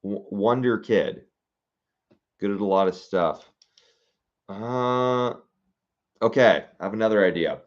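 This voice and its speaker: Young male creator, casual musing, lowish voice, muffled recording. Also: slow, pauses often. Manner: thinking aloud, musing and hesitant with fillers. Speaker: content creator reading viewer suggestions. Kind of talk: casual livestream-style chat.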